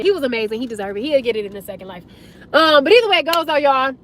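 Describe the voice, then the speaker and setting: Hoarse high-voiced woman vlogger. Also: big pitch swings, fast, a little hiss or hum. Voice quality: raspy, voice going hoarse. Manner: emotional, chatty, preachy, addresses viewers as y'all. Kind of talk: casual storytime talk to viewers.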